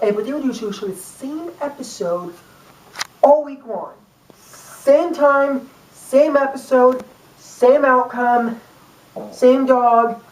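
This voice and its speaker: A young woman talks casually to a camera, rambling and chatty, her speech full of fillers and asides. Her voice sits a little high. She is picked up from a distance in a room with a noticeable echo. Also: darkish tone. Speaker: YouTube vlogger. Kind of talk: casual talk to camera about a book. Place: room, filmed by a camera person. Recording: echoey room from far off.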